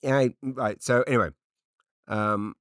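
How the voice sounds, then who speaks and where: A middle-aged British comedian rambles through an unscripted solo podcast, self-deprecating and full of fillers and restarts. His medium-pitched, fairly bright voice moves slowly with fairly even intonation, recorded dry with clean studio sound.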